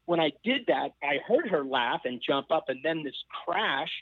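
A man with a slightly high voice tells a long story, throwing himself into the voices of the people in it. The sound is dry and narrow, like a call. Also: normal speed, slightly rough, no room sound. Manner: animated storyteller who acts out voices. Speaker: former sports mascot performer. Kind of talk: storytelling in a panel chat.

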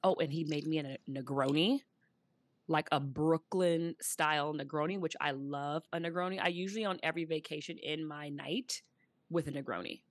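A woman's voice: low-pitched, moderate pace, no echo. A woman co-hosting a podcast in casual chat, telling stories and quoting people in playful voices. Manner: chatty storyteller, quotes others in playful voices. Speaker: podcast co-host.

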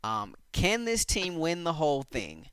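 Male sports host, bright tense tone, dry close audio, halting restarts. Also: a little high, huge pitch swings, smooth, no room sound. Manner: stammering restarts, conversational. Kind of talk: sports talk show hosting.

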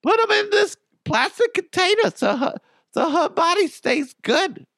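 A man doing a shrill New England mom. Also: big pitch swings, a little slow, a bit bright, dry recording, clean studio sound, heavily acted. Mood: doting. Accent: put-on New England. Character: doting mother with a put-on New England accent.

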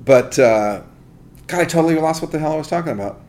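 A man's voice: fairly high pitch, animated, quick pace, darkish tone. A man hosting a podcast, chatting casually and rambling, often restarting sentences and losing his train of thought. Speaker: podcast host. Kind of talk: casual chat.

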